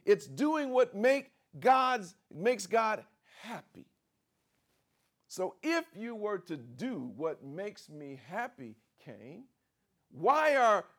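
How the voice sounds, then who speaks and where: A man preaching a sermon as pastor, with a repetitive cadence that swings from loud outbursts to hushed asides. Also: sits high.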